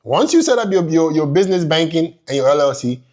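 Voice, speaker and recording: A man's voice: a little high, big pitch swings, quick pace, darkish tone. A man who is a business coach, telling a personal story in a course lecture in a blunt, profane, emphatic way. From immigrant.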